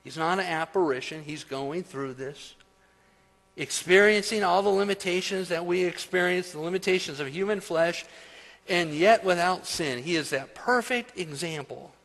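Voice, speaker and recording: A man preaching a sermon, building to loud, emphatic peaks and then dropping to soft, slow phrases. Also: high voice, vocal fry. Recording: long hall reverb.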